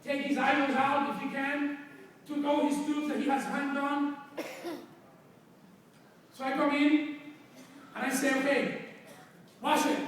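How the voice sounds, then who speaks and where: A man with a Spanish accent, a chiropractor, telling an animated story to an audience in a large hall, with sudden loud bursts. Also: very high-pitched, moderate pace, long pauses. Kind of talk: storytelling talk to a live audience. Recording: echoey hall recorded from far off.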